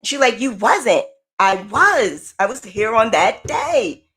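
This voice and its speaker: Woman podcast host, from the United States, emphatic casual storytelling, fairly high voice, repeats herself for emphasis. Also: takes it slowly, slightly rough, faint music behind. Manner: animated, emphatic, repeats points.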